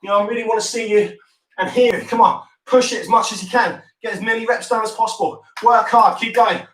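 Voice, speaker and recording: A man from the UK leads a home workout, cheering people on and cracking jokes between countdowns. His voice sits high for a man. The sound is echoey, as if picked up from across the room. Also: fairly even intonation, a little fast, fairly bright tone. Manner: encouraging, jokey, counts down reps. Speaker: fitness instructor. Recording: roomy sound, mic at a distance.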